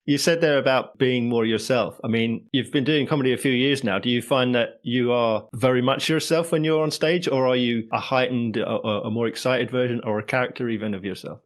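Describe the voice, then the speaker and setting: A man's voice: mid-range voice, a little fast, few pauses. A man hosting a podcast interview, asking questions and listening attentively with frequent short backchannels. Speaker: podcast host.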